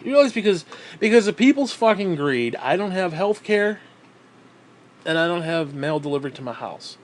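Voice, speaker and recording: A man's voice: high-pitched, very animated, moderate pace. A man from New York State ranting bitterly and swearing constantly in a vlog, still out of breath as he talks. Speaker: vlogger.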